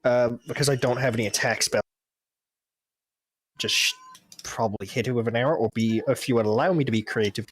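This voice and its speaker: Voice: medium pitch, a little fast, long pauses, slightly rough, dry recording. A player at a tabletop game, casually working out a move and asking about the rules.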